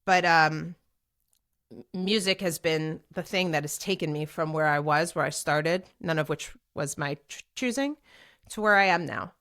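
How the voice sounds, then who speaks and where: A woman in her forties hosts a casual solo podcast, speaking straight to the camera. Her voice sits a little low, and she rambles in a lively, chatty way, full of "like" and "um" and quick restarts. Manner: chatty and animated, many fillers and restarts. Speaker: podcast host and DJ. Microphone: speaking to a camera for a video podcast.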